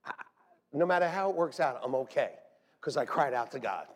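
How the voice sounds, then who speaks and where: A middle-aged man, a pastor, preaching a lively, joking sermon to his church. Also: mid-range voice, fairly quick. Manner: animated, joking, shouts and laughs between points. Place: church sanctuary. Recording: long hall reverb.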